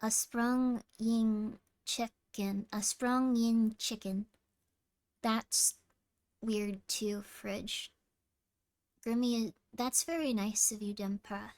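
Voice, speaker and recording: A woman's voice: on the high side, darkish tone, dry recording. A woman streamer in playful, casual chat with her viewers, teasing and reading messages.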